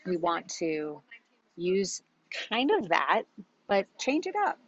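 A woman's voice: on the low side, big pitch swings, takes it slowly. A woman coaching her team in a casual, chatty talk, quoting herself in a bubbly voice and laughing often. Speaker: business coach. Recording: dull lo-fi audio.

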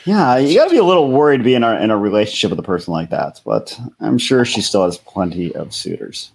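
A man's voice: fairly low pitch, big pitch swings, quick pace, gravelly, slightly rough. A man co-hosting a crude comedic podcast chat, with dry, sarcastic remarks.

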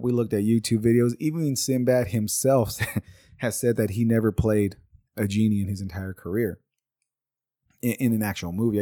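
Man in his 30s, lowish mellow voice, dry close sound, loose swearing ramble. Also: dry recording. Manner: rambling and profane, with exasperated asides. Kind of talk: casual monologue.

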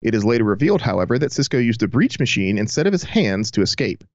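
Brief: easygoing male co-host, mid-pitched, lively intonation, dull lo-fi recording. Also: quick pace, no echo. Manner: laughs readily, easygoing. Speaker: podcast co-host. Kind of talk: casual fan discussion. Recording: dull lo-fi sound.

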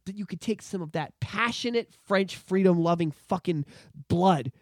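A man's voice: high voice, normal speed, dry recording, studio quality. A young Canadian man co-hosting a casual podcast, ranting with lots of swearing and jokey put-on voices. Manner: animated, profane ranting with put-on French voices. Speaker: podcast co-host.

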